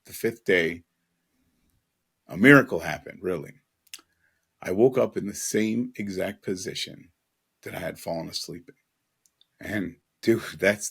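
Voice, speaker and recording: A man's voice: lowish voice, unhurried, gravelly, breathy edge. A man telling an earnest, emotional personal story as a podcast guest, with casual asides.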